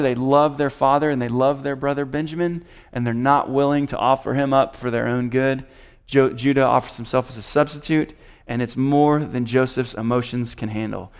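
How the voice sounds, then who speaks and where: A man's voice: medium pitch, vocal fry. A man teaching a Bible passage, reading scripture aloud and commenting on it with frequent restarts. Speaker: preacher.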